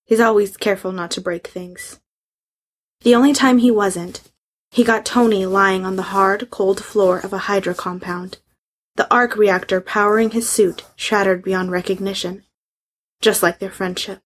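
A woman reading a fan fiction story aloud, in a hushed and emotional storytelling manner. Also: medium pitch, fairly even intonation, normal speed. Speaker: reader.

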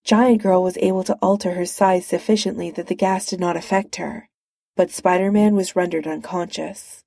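A woman doing a calm, formal heroine. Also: fairly low pitch, vocal fry, no room sound, clean studio sound. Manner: measured, formal.

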